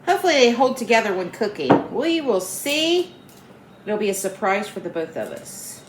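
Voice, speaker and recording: A homey, upbeat woman with an Appalachian accent chats her way through a recipe as if talking to friends. Her voice carries around a roomy kitchen with a faint hum behind it, at a middle pitch. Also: sing-song, normal speed. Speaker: cooking channel host. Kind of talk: casual cooking vlog. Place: home kitchen.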